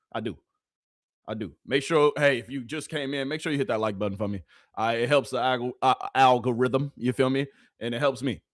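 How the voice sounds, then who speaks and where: A man hosts a live stream and talks straight to his chat. His voice is mid-pitched and swings widely, from low and quiet to sudden high bursts. The sound is dry and close to the mic. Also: dry recording. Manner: animated, repeats phrases, talks to chat. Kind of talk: casual live-stream commentary.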